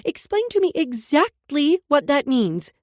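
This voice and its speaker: A woman narrator voicing a fiery, sharp-tongued young heroine who talks in loud, biting outbursts in an audiobook. The recording is close and dry. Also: sits high, very animated, measured pace, no echo, voice pushed up. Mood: outraged.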